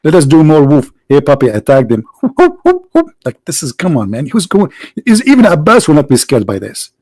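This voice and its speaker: A man's voice: on the high side, sing-song, a little fast, dark tone, no room sound, poor audio. Man, livestream host, sarcastic and mocking, rhetorical questions, non-native English, dry close sound.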